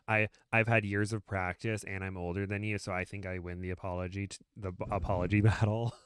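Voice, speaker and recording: A man's voice: low voice, little pitch movement, brisk, fairly bright tone, smooth, no echo. A man co-hosting a casual podcast, chatting and reading a story aloud with playful, self-deprecating asides and frequent laughter. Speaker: podcast co-host.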